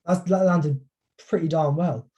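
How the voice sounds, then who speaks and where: A young man, a student, talking candidly and self-deprecatingly about himself in a coaching session, with halting starts. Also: fairly high pitch, highs cut off, background noise. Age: young adult.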